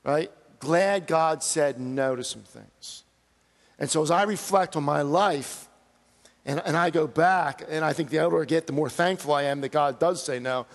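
A middle-aged pastor preaches with earnest emphasis, his voice lifting as he reads out pleading verses. He is a man with a fairly high-pitched voice. The sound carries a long reverb from a big sanctuary. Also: normal speed. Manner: earnest, preaching with rising emphasis on quoted cries. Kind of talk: sermon.

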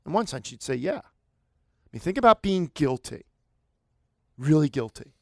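A man's voice: a little high, big pitch swings, unhurried, creaky, dry recording. Man preaching in a dry, close voice. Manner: conversational preaching, rising to emphatic bursts. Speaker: pastor. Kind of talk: sermon.

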